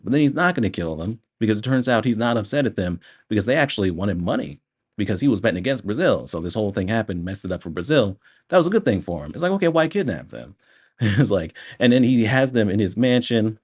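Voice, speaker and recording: A man talks through a movie review in a relaxed, unscripted way. His voice sits on the low side. He rants with plenty of profanity and breaks often into laughter. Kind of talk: casual spoken movie review.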